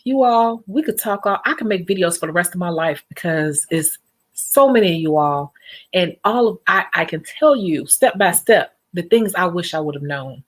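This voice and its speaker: A woman's voice: fairly low pitch, lively intonation, moderate pace. A young woman who works as a nail technician, chatting casually and animatedly with her viewers and laughing often. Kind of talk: casual vlog chat with viewers.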